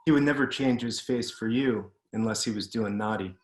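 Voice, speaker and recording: Author guy reading his story out slow and careful, video call, echoey room. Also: fairly low pitch. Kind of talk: literary reading. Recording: roomy echo.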